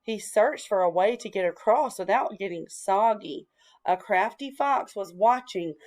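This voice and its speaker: A woman reads a children's picture book aloud, taking her time with each line. Her delivery is slow and deliberate, with a mid-range voice. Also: mid-range voice, animated, a little mellow. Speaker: storyteller.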